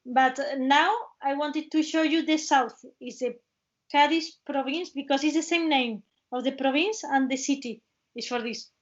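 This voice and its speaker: High-voiced Andalusian woman on a muffled call. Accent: Andalusian Spanish. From Cádiz province, Spain. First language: Spanish. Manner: halting English with frequent restarts and fillers. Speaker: webinar host and travel guide. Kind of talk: casual presentation over a video call. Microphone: video call.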